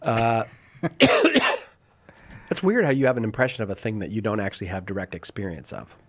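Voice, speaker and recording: This radio show host has a somewhat low, sing-song voice and speaks a little quickly. He runs a live call-in talk show, chatting casually, reading out viewer comments and joking at his own expense.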